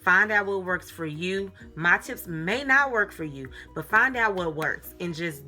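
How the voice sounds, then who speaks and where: A young woman giving casual parenting advice in a chatty, animated way, often repeating herself and laughing. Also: lowish voice, measured pace, soft background music. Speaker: mom vlogger.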